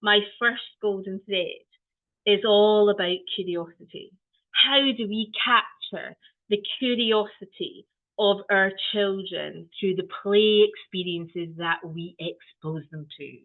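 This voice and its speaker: A woman giving an online training talk on children's play, animated and playful, often exclaiming. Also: mid-range voice, takes it slowly. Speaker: early-years play trainer. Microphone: video call. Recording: tinny video-call audio.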